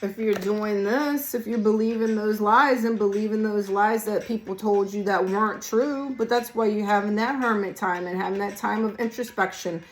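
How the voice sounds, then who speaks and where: A hoarse woman, losing her voice, giving a casual collective tarot reading in a blunt, emphatic way and swearing freely. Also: mid-range voice, moderate pace, few pauses, a little hiss or hum, rough recording. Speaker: tarot reader. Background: song playing quietly.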